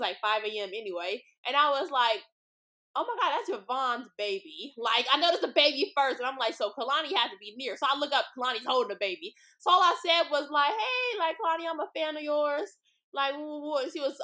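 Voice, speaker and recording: A woman's voice: a little high, bright, forceful tone. A young woman from Los Angeles hosting a podcast, telling stories in a blunt, profane, chatty way, full of "like" and "y'all.". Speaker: podcast host. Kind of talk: casual storytelling monologue. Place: street-side spot with passing cars.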